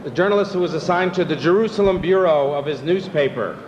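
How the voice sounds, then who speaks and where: Joke-telling banquet emcee, slightly high. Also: male voice, fast, big-room sound, lo-fi sound, background noise. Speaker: master of ceremonies. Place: banquet hall.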